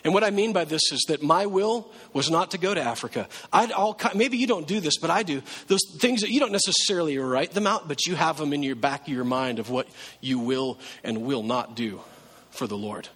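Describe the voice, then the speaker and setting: A man preaches in a husky voice pitched a little higher than most. His talk is conversational and plain, and now and then he acts out pleading prayers. A long reverb from the church hall trails behind each line. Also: fairly quick, fairly bright tone. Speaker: pastor. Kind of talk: sermon.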